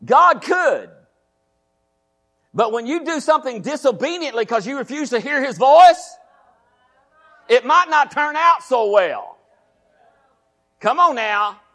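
Male pastor, high voice, folksy sermon that repeats lines and asks the congregation questions. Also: sing-song, slow pace, pauses often, pushed and bright.

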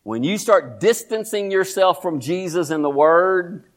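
A man preaching a sermon, folksy and emphatic, dropping to low murmurs and rising to shouts as he talks straight to the congregation. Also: animated, unhurried.

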